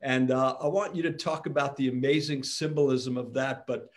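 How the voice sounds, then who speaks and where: A man with a mid-pitched voice who teaches as a rabbi. He addresses his listeners as friends and speaks in an inviting way. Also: steady tone, normal speed. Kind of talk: Bible teaching discussion.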